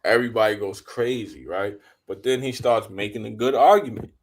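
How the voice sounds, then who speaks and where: A man's voice: on the low side, brisk, slightly rough. A man co-hosting a podcast, telling stories in a laid-back way and laughing as he talks. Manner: laid-back storytelling, laughs while talking. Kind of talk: casual chat.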